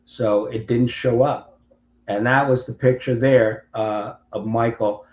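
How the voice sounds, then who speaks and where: A man's voice: medium pitch, steady tone, takes it slowly, darkish tone. A man in his late fifties, a Marine veteran and interview guest, telling a long story and acting out other people's lines. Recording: roomy with faint background hum.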